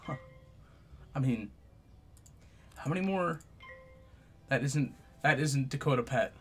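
A young man giving live gameplay commentary, profane and trash-talking, swinging between loud outbursts and low mutters. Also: animated, unhurried, pauses often, faint music behind. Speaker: gaming YouTuber.

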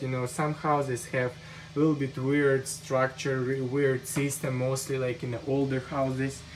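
A man, not a native English speaker, narrating as he moves through a house on a cleaning job. His speech is halting and full of restarts as he searches for words, at an ordinary middle pitch. A faint hum of ambience sits behind him. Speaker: air duct cleaner. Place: inside a house.

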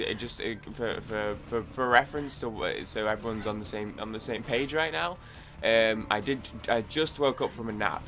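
A man's voice: fairly low pitch, fairly bright tone. A young man giving casual gameplay commentary, sounding groggy from lack of sleep and rambling with frequent restarts. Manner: rambling, many restarts, swears when frustrated. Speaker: gaming YouTuber.

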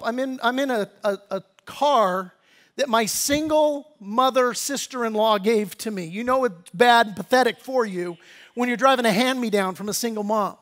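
Man, pastor, sermon, high voice, casual storytelling, earnest appeal. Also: a bit bright.

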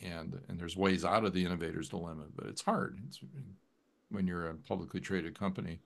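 A man chatting casually on a video call, an animated storyteller whose voice jumps up when he quotes others. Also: low voice, a little fast, vocal fry. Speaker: guest photographer.

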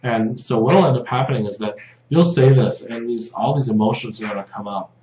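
A man giving a casual spoken lesson over slides, halting with many fillers and restarts, softening when he repeats short prayer phrases. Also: mid-range voice. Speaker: video host teaching about control dramas. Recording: dull lo-fi audio in a roomy space with faint hum.

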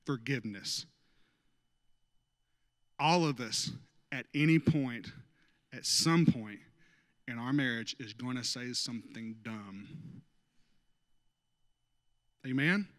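A man's voice: mid-range voice, slow pace, pauses often, a bit bright. A man preaching a sermon as pastor, conversational and joking with the congregation. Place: church sanctuary. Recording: long church hall reverb.

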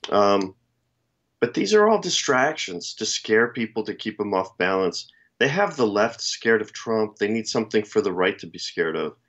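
A man with a lowish voice co-hosting a political commentary show. He talks in a rambling, emphatic way with a sardonic edge. The audio is dull and lo-fi. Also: sing-song, normal speed, a bit bright. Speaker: co-host.

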